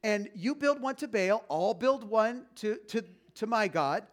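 A man's voice: sits high, animated, measured pace. A man voicing an ancient male prophet who is confident and taunting, speaking in a casual modern way. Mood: challenging. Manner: playful, challenging, casual modern phrasing.

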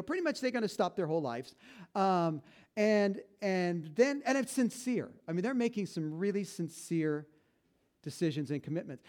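A man's voice: on the high side, darkish tone. A middle-aged man preaching a sermon to his congregation in a conversational, joking way, often restarting his sentences. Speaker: pastor. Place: church.

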